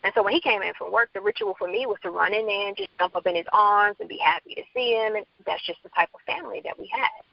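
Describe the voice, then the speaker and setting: A woman's voice: mid-range voice, fast, creaky, few pauses, no echo, highs cut off. A woman from the Bronx, an author guest, telling her story candidly in an interview and acting out quoted dialogue. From Bronx, New York.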